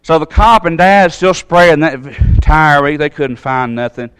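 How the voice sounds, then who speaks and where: A man telling a long personal story in a sermon, in a folksy, animated way with sudden jumps in pitch. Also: a little slow, smooth.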